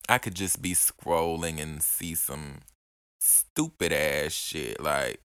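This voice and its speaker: A man's voice: rumbling low, takes it slowly, a bit bright, smooth, dry recording, clean studio sound. A young man, ranting profanely and hurling mocking insults in a casual podcast monologue. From Alabama. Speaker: podcast host.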